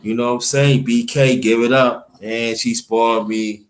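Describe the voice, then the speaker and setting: A man from Brooklyn, telling a halting, emotional family story on a livestream and thanking viewers by name. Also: medium pitch, steady tone. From Brooklyn, New York. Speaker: livestream host.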